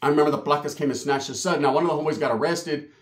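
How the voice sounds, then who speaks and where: A man telling a profane, animated street story on his channel, slipping into voices for the people he quotes. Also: on the high side, very fast. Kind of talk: casual storytelling vlog. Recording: roomy echo.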